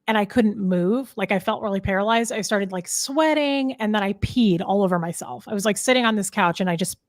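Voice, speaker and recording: Speaking briskly in a mid-range voice, this thirtysomething podcast guest rambles candidly through a personal story during a relaxed interview, full of fillers and restarts. The studio sound is clean, without echo.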